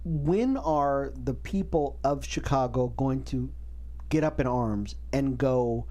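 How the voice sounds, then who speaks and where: A man with a medium-pitched voice talks at a measured pace as co-host of a faith and culture show. Chatting casually about faith and current events, he is animated, acts out what other people said and frequently restarts his sentences.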